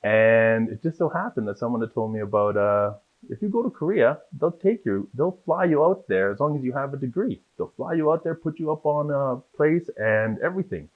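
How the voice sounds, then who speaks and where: A man telling lively stories about his acting career in a casual interview, acting out the people in them. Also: medium pitch, brisk. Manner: animated storyteller, acts out voices in his anecdotes. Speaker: guest, actor. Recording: dull lo-fi sound.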